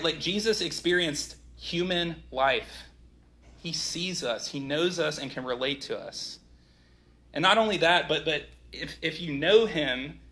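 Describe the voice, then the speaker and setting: A man in his thirties giving a sermon as pastor, talking in a casual, animated way with many asides. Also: fairly high pitch.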